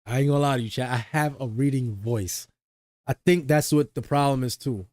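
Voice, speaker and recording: A man's voice: mid-range voice, brisk, darkish tone, no echo. A young man, a streamer, chatting casually and rambling in slang to his viewers, often mocking himself. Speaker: streamer reacting to a video.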